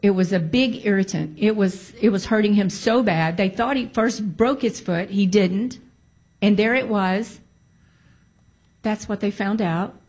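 A woman's voice: medium pitch, a little slow, a little mellow. A woman giving a testimony to a congregation, emphatic and repeating phrases for stress. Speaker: church speaker giving testimony.

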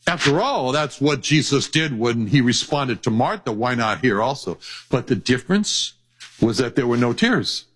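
Husky-voiced man preaching a sermon. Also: a little high, a bit bright, rough recording. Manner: earnest, repeats verse references, slows on key phrases.

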